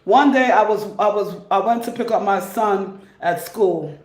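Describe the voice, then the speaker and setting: A woman's voice: medium pitch, a little slow, a little mellow. A woman giving casual advice to her viewers, emphatic and rambling, repeating her points for stress. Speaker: vlogger. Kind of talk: casual advice monologue to camera. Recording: echoey room.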